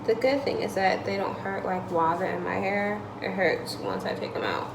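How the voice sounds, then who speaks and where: A woman's voice: medium pitch, moderate pace, vocal fry, noisy background. A woman in her twenties telling a story in a casual vlog at home, acting out both sides of the exchange and swearing freely. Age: 20s. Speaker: vlogger. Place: home, in the evening. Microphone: phone or camera held close.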